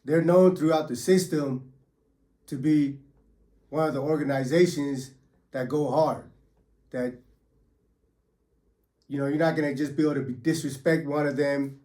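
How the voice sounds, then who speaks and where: Slangy ex-con man with a raised pitch. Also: steady tone, unhurried, long pauses, mellow. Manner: profane street slang, many fillers. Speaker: former federal prisoner telling his stories. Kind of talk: casual first-person storytelling.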